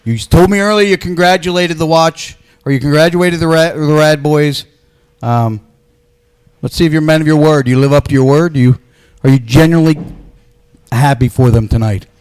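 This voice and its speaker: A high-voiced man runs an in-ring wrestling interview. He talks in an excitable, hyped-up way and keeps pushing the guests to celebrate. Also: moderate pace, clean tone.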